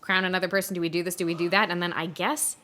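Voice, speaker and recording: A woman co-hosting a casual chat, talking fast and loose, swearing and acting out characters. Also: lowish voice, little pitch movement, bright, forceful tone. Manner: chatty, swears, acts out characters in quick asides. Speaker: podcast co-host.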